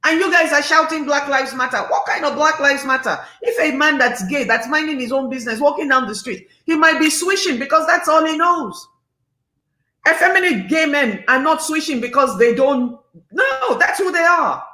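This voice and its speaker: A woman in her fifties with a Nigerian accent talks straight to her livestream viewers. She is passionate and emphatic, and she drives each point home like a sermon. Her voice is bright and forceful, and it rings in an echoey room. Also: high voice, expressive, normal speed. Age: 50s. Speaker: livestream host. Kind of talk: casual livestream talk.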